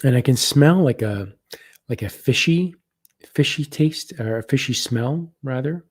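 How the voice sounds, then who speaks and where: A man hosting a live spiritual practice session, reading viewer comments and describing what he senses in a slow, soft-spoken way. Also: mid-range voice, expressive, husky. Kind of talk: live guided meditation session.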